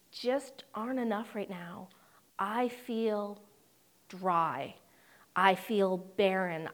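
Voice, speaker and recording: A young woman preaching a sermon in a conversational way, with humorous asides and dramatic quoted voices. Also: medium pitch.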